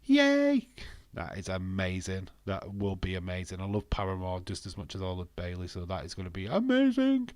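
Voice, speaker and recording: Brief: low-voiced bloke hosting a live stream, excitable and chatty, dry sound. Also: male voice, fairly quick, few pauses, no echo. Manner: excitable, laughing, swearing, chatty. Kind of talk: casual live stream chat reading viewer comments.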